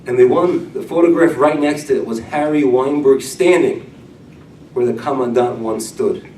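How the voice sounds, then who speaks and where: A middle-aged rabbi giving a sermon-style Torah class, telling stories with loud emphasis that drops to a hush. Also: male voice, medium pitch, normal speed, a little hiss or hum. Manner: storytelling, wide swings from loud emphasis to hushed. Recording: echoey room, mic at a distance.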